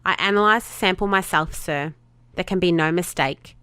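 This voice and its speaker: A woman voicing a brisk, determined female Starfleet doctor who talks firmly and insistently in a fan audio drama. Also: fairly low pitch, pushed and bright, smooth, dry recording. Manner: firm, insistent.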